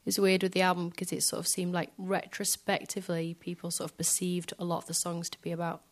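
A woman musician speaking softly and hesitantly in a reflective interview in front of a live audience, filling pauses with small filler phrases. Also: on the low side, completely flat delivery. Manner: soft, hesitant, many fillers. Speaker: guest musician.

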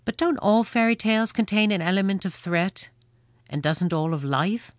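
A host delivering a reflective, scripted narration in a thoughtful, measured manner. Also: mid-range voice, lively intonation, no echo. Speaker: host, essayist.

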